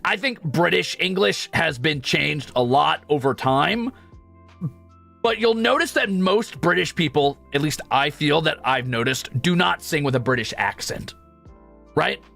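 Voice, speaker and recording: Male streamer, slightly high, gravelly, casual and profane, faint background music. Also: animated, fairly bright tone. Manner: casual, quick asides and profanity, shows off vocal range. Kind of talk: casual chat with chat readers.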